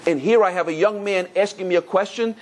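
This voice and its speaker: A middle-aged rabbi lecturing on Torah, telling stories with lively emphasis and repeated phrases. His voice sits high for a man and has a husky grain. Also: brisk. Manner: animated, repetitive storytelling.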